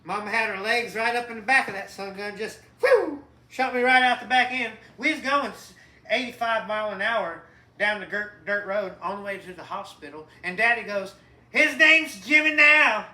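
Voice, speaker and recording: A man putting on a boastful good-ol'-boy mechanic with a Southern accent, telling a tall tale with a loud, raised, bright voice. The voice echoes in a room with faint ambient noise. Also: high-pitched, moderate pace, pitched above the performer's own voice. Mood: folksy boastful. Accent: put-on Southern.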